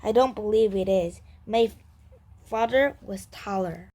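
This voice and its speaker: A woman's voice: medium pitch, unhurried, mellow. A woman reading aloud as a stubborn, disbelieving old grandmother in a children's book. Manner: reading a grandmother's dialogue aloud in a slightly raised voice.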